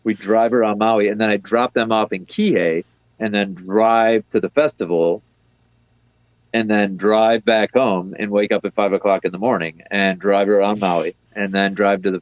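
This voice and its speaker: Low-voiced man over muffled audio. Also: fairly even intonation, moderate pace, no room sound. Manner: chatty, easygoing storyteller. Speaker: comedy festival organizer and guest. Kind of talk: casual chat.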